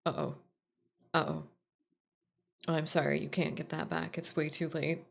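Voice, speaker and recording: A woman's voice: sits low, level tone, moderate pace, gravelly. A woman streaming a game, chatting casually with viewers in a playful, teasing way and laughing often. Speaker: VTuber streamer. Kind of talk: casual live-stream chat.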